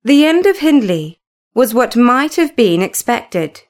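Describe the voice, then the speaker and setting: A woman reading a classic novel aloud as narrator, in an unhurried, measured storytelling manner. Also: on the high side, sing-song, darkish tone.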